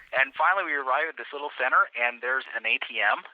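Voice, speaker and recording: A man's voice: mid-range voice, fast talker, no room sound. Man telling a story over a tinny phone line. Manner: animated storyteller, acts out quotes. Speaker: guest traveler. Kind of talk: casual storytelling interview.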